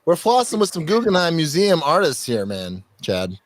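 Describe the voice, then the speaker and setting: A man hosts a casual podcast, reading bios aloud and drifting into jokes and swearing. His pitch swings widely, and the sound is dry and close. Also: wildly swooping pitch, normal speed, no echo. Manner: rambling, joking, swears and laughs often. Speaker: podcast host.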